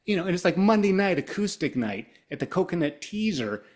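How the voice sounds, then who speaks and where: A high-pitched, slightly fast male voice belongs to a middle-aged guitarist from Ohio, guesting on an interview. He spins long, rambling stories in relaxed conversation, lively and acting out quoted speakers.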